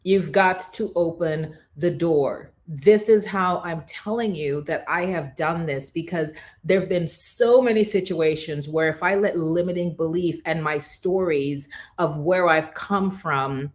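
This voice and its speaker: Emphatic woman, slightly low voice. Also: unhurried. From Jamaica. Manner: emphatic, preacher-like, scripture-quoting. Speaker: morning show host. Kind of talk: motivational talk.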